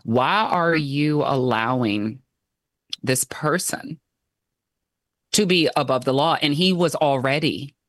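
A man in casual political chat, ranting in an animated, exasperated way and acting out the people he quotes. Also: mid-range voice, takes it slowly, long pauses, dry recording, clean studio sound.

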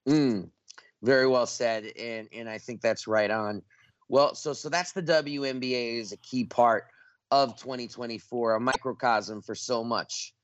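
Man pitching a radio pledge drive. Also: measured pace, dry recording, muffled recording. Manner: upbeat, pitching donations. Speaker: radio co-host.

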